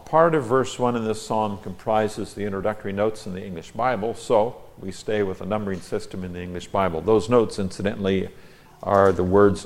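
Lower-voiced man teaching a Bible lesson. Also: creaky, darkish tone. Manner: reads scripture aloud then explains Hebrew words. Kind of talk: verse-by-verse Bible study lesson.

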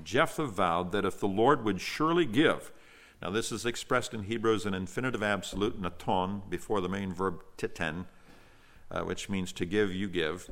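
A man's voice: fairly low pitch, a bit bright. A man reading scripture aloud and then explaining it verse by verse in an earnest, teaching manner. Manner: earnest, explanatory, with fillers and restarts. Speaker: Bible teacher.

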